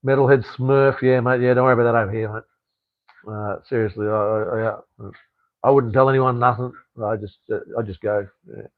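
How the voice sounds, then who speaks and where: A man's voice: medium pitch, fairly even intonation, brisk, no echo, narrow, tinny audio. An Australian man hosting a live stream, chatting casually and bluntly with viewers, rambling and swearing freely.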